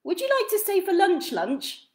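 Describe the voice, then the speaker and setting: Woman voicing little twin girls, storybook, squeaky high, sing-song, repeats words. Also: very animated, moderate pace. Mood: giggly. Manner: echoes the last word of every phrase.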